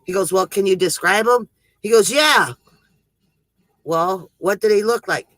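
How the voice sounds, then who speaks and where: Bright, high man telling corny jokes. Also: measured pace, no echo, poor audio. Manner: chuckles at his own jokes; rambling, self-interrupting delivery. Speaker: livestream joke teller. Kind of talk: casual joke telling on a livestream.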